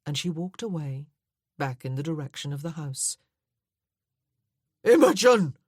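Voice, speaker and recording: A woman narrating a historical romance audiobook in a measured, even storytelling voice, close to the mic. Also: deep voice, no room sound.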